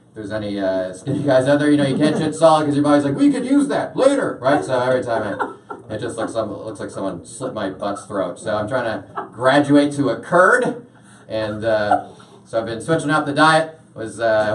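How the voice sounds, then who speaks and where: A young man doing a stand-up routine in a comedy club, deadpan, with lots of "uh" fillers. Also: mid-range voice. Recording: roomy club sound from a distance.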